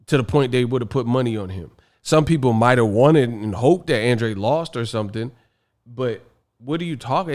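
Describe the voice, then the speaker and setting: Exasperated man ranting on a stream. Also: medium pitch. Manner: exasperated, slangy, laughing often. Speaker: boxing stream host. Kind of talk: casual livestream rant.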